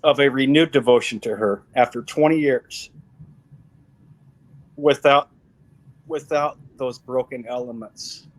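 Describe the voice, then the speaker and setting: A man's voice: mid-range voice, measured pace, pauses often, low-quality recording. Emphatic middle-aged man telling a story. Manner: emphatic storytelling with repeated phrases. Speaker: interview guest. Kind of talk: personal faith testimony.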